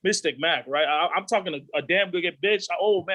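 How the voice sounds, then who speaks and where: A man in his thirties, a podcast guest, telling candid stories in a profane, animated way and acting out the voices of his friends. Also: high-pitched, fairly quick, hardly any pauses, no room sound, poor audio. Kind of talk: candid storytelling.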